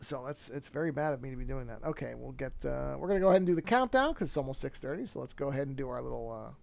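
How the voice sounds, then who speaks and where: Gravelly-voiced man rambling on a livestream. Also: medium pitch, expressive, rapid-fire. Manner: rambling, self-interrupting, repeats words. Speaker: streaming artist. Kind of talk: casual livestream chat. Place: home office at his desk. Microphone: desk microphone.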